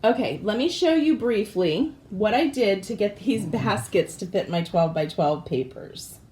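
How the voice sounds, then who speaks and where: A hoarse woman in her forties with a raspy voice, chatting casually and apologetically as she gives a tour of her craft room. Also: mid-range voice, expressive, moderate pace, darkish tone, slight background noise. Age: 40s. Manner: chatty and apologetic, with frequent fillers. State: hoarse from allergies. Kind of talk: casual home tour chat. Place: craft room and home office indoors.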